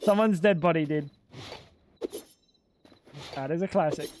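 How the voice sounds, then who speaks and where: A young man with a high voice rambles and jokes to his chat while playing a game, swearing freely. He speaks into a desk microphone at home. Faint crickets and outdoor sounds sit behind him. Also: measured pace, noisy background. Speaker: streamer. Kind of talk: casual gaming stream commentary.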